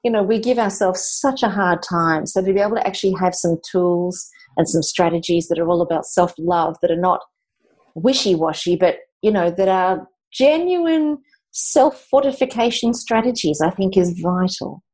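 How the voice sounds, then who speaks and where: A woman's voice: lowish voice, moderate pace, a little mellow. A woman, a writing coach who speaks enthusiastically and encouragingly in a casual chat.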